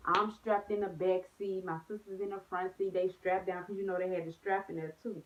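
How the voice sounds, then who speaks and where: A woman's voice: on the low side, fairly quick. Young woman vlogger with a tinny phone-like sound. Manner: animated storytelling with slang and many "like"s. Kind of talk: storytime vlog, casual chat.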